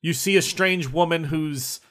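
A man narrating a tabletop game as game master, setting scenes in steady detail. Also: a little high, a little slow.

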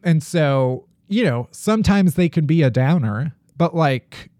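A man's voice: a little high, expressive, measured pace, mellow, no echo, studio quality. A man hosting a podcast in casual chat, joking and playfully dramatic. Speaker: podcast host.

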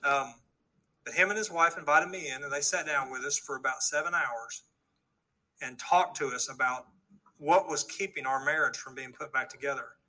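A man's voice: mid-range voice, normal speed, pushed and bright, poor audio. A middle-aged man earnestly telling his testimony story to a live audience, acting out the dialogue he quotes. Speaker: speaker giving a testimony.

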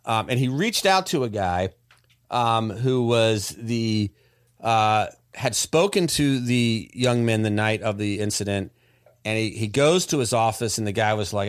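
A man hosts a casual podcast and carries a long story with lots of restarts. His pitch swings widely as he talks. The sound is dry and close. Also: measured pace, clean tone, dry recording. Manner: animated, rambling with restarts. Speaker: podcast host.

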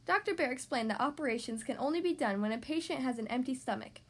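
A woman reading a children's storybook aloud in a gentle, expressive manner. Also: high voice, fast talker, few pauses.

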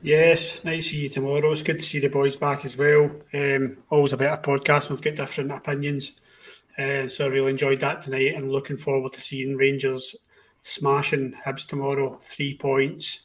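A man's voice: medium pitch, monotone, normal speed, a little hiss or hum. Upbeat Scottish man on a podcast. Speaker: podcast co-host. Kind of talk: casual podcast chat.

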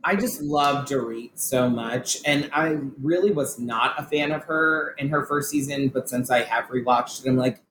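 A man co-hosting a podcast in casual chat, animated and swearing freely. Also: mid-range voice, normal speed, hardly any pauses. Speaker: podcast co-host. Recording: roomy with faint noise.

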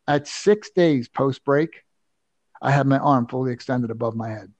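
An older man telling a personal story as an interview guest, animated, emphatic and self-assured. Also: medium pitch, moderate pace, no room sound. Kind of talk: anecdotal storytelling.

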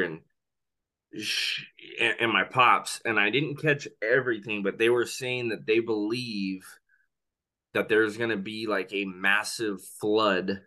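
A man hosting a casual podcast, talking at an unhurried, slow pace in a bright voice. He mostly jumps in with incredulous questions and quick reactions. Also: fairly low pitch. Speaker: podcast host. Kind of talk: casual chat.

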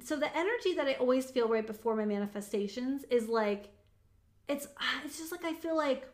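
A young woman talks in a casual, motivational way, with a voice sitting a little higher than most. She is chatty and emphatic and scatters "like" through her sentences. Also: expressive, brisk, a little mellow. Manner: chatty, emphatic, many "like" fillers. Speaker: motivational speaker on manifesting.

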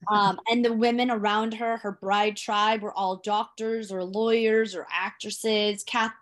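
Warm rambling woman podcast co-host. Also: mid-range voice, level tone, unhurried. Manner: heartfelt, rambling with fillers. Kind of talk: casual chat.

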